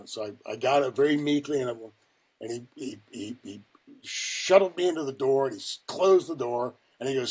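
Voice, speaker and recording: An older man from Ohio, a guest telling a long personal story in a rambling, profane way with lots of fillers and a husky voice. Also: fairly high pitch, darkish tone. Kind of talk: casual storytelling.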